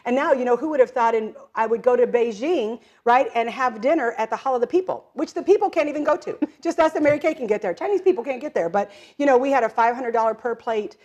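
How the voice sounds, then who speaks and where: A woman's voice: on the high side, fast, hardly any pauses. A middle-aged woman talking as an entrepreneur guest in a casual interview, full of "um" and "like", often acting out quoted voices and laughing. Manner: lively storyteller who acts out quoted voices and laughs often; many fillers like "um" and "like". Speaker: guest, direct-selling entrepreneur.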